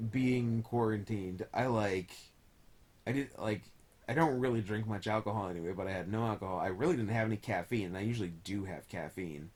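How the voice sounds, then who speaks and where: A man co-hosting a podcast, chatting casually with a joking, irreverent manner and frequent laughs. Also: medium pitch. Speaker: podcast co-host. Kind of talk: casual chat.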